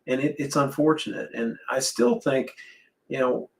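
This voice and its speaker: A man's voice: medium pitch, steady tone, moderate pace, gravelly, low-quality recording. A man in his sixties in a casual faith talk, speaking earnestly with hesitant restarts. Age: 60s.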